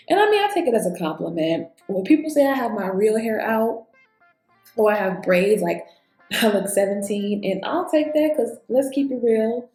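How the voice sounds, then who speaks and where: A chatty woman vlogger talks through her makeup routine and tells lively stories straight to the camera. Her voice sits in a middle register and rings out in an echoey room, with faint music behind her. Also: medium pitch. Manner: chatty, animated storyteller, talks straight to viewers. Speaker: beauty vlogger. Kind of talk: casual chat while doing makeup.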